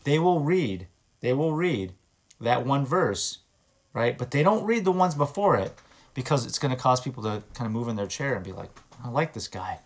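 A man preaches in a loose, conversational way. He is earnest and repeats phrases and restarts words as he talks. His voice sits at an ordinary middle pitch. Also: sing-song, moderate pace. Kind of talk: informal sermon.

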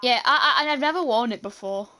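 A young British woman streaming a team game and chatting with her teammates, with sudden shouts and playful swearing. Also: on the high side, lively intonation, fast. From Britain. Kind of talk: live gameplay chat.

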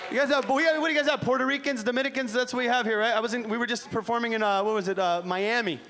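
A male comedian from Iran works a comedy club stage with a high voice and a lot of energy, teasing the front rows and swearing freely. Big crowd laughs roll in over a noisy room. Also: very fast. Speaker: stand-up comedian, host. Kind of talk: live stand-up comedy.

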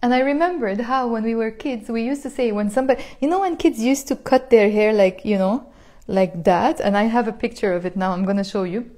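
Woman, Lebanese accent, mellow voice, chatty teacher, repeats phrases slowly. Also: on the high side. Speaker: Arabic teacher. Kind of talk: live online language lesson.

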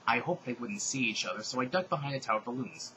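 A man reads fan fiction aloud for comedy, breaking off for sardonic, exasperated asides. His bright voice moves animatedly up and down. A faint hiss runs underneath. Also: medium pitch, expressive, fast talker, rough recording. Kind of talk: comedic dramatic reading with asides.

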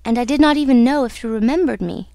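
Woman voicing a young woman singer, earnest confession, fairly high voice, dry recording. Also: fast, gravelly, dark tone, no room sound. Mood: wistful. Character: young woman singer confiding in her love.

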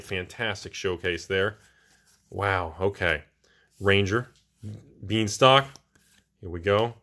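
A man hosting his own channel, opening booster packs and reacting with excited exclamations. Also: fairly low pitch. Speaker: host of a card-collecting channel. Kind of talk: casual booster box opening.

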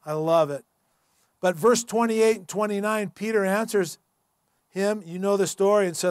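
High-voiced preaching pastor. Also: male voice, moderate pace, clear, resonant tone, dry recording, clean studio sound. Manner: earnest, emphatic, conversational preaching. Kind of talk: sermon. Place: church.

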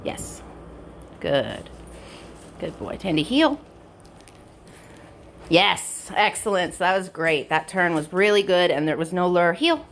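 A woman dog trainer explaining a training session in casual narration at home, switching between high bright praise for her dog and low quiet explanation. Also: takes it slowly, gravelly, pauses often, slight background noise. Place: indoors at home with pets.

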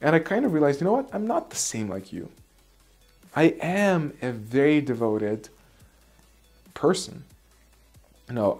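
A man's voice: medium pitch, darkish tone. A man, an Aikido instructor, casually telling a personal story; candid, swearing at times and restarting his sentences.

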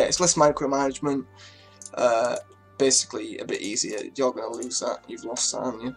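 A man's voice: mid-range voice, fairly bright tone, slightly rough. A man giving casual, chatty commentary on a strategy game, swearing freely and talking to his units as he moves them. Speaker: gaming YouTuber.

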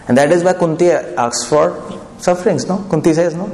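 A man's voice: a little high, a little fast, a little mellow. Man preaching in an echoey hall. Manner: conversational, asks the audience questions. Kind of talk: devotional lecture. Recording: echoey hall, faint background noise.

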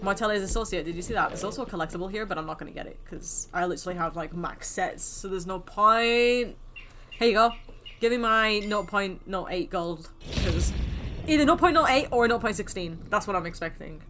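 A woman's voice: mid-range voice, fairly quick, over music. A young woman giving chatty, self-mocking commentary while playing a video game. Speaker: gaming YouTuber. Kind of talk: casual gameplay commentary. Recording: game sounds and hooves over voice.

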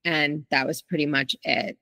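A woman's voice: low-pitched, steady tone, moderate pace, creaky, bright, forceful tone, no room sound. A woman guest in an interview, telling her own story in a candid, reflective way with frequent restarts. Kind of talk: interview, personal account.

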